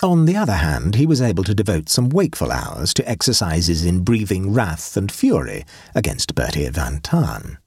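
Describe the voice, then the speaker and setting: A man narrating a story in a wry, expressive manner. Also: deep voice, normal speed, few pauses, breathy edge, dry recording, studio quality. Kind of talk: audiobook narration.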